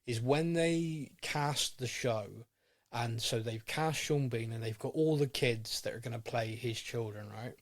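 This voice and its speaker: A man's voice: mid-range voice, unhurried. A man co-hosting a podcast, chatting in a casual, rambling and enthusiastic way. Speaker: podcast co-host. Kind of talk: casual chat.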